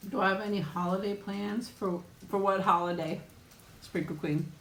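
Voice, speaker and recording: Woman host, casual live-stream chat, giggly storyteller, mid-pitched voice in a roomy-sounding space. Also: steady tone, normal speed, fairly bright tone, a little hiss or hum. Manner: chatty storyteller, laughs often while talking.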